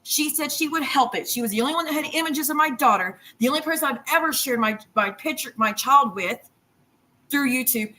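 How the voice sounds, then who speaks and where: A woman delivers a heated, profanity-laced rant on her livestream. Her voice is bright and somewhat high, and she talks in rambling, repetitive bursts while cooking in her kitchen. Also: lively intonation, a little fast, rough recording.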